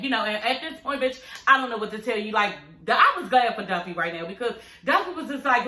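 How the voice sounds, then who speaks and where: Sassy, bright-voiced woman vlogger. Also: high voice, brisk, hardly any pauses, echoey room, slight background noise. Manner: sassy and animated, talking straight to viewers. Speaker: reality TV recap vlogger. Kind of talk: casual, profane recap chat.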